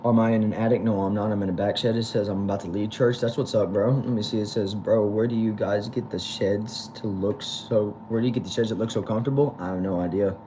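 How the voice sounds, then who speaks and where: Fast-reading Texan man, noisy shed. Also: on the low side, steady tone, dark tone. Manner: rapid reading of comments with short replies. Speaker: livestream host reading chat. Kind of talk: casual livestream chat. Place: back shed. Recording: noisy background hum.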